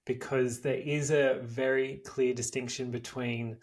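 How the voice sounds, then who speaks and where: A man with a husky, slightly breathy voice co-hosts a casual podcast. He talks in a relaxed, easygoing way and reads his research notes aloud at an even pitch. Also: unhurried. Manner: laid-back, reads out research with frequent laughs. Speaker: podcast co-host. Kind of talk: casual podcast chat, reading interview notes.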